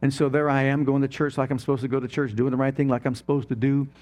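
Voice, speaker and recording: A man's voice: medium pitch, level tone, fast, darkish tone. A middle-aged male pastor preaching a sermon emphatically, firing off rhetorical questions to the congregation.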